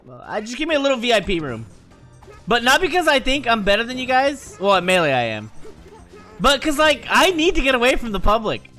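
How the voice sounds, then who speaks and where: A man talking casually to his stream audience, telling stories in an animated, profane, joking way. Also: extremely high pitch, fairly quick, soft background music.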